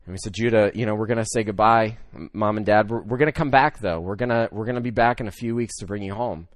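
Male pastor, 30s, dry close sound, animated storytelling sermon voice. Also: fairly low pitch, fast talker, no room sound. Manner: storytelling with swings from loud excitement to hushed emotion.

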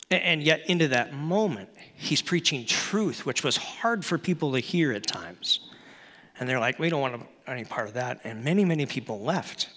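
A middle-aged man preaching a sermon, telling a story from his youth with lively acted-out voices. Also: on the high side, long reverb tail. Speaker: pastor.

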